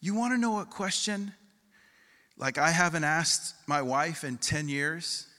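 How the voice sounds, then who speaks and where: A male pastor preaches conversationally in a large hall, asking the congregation questions and reading scripture aloud. His fairly high voice is animated, pushed, and bright, and he speaks unhurriedly.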